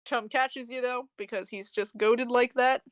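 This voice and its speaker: A woman's voice: a little high, fairly even intonation, unhurried, dry recording. A woman narrating as dungeon master in a casual tabletop game stream, loose and full of fillers. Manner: loose, filler-heavy narration with frequent laughs.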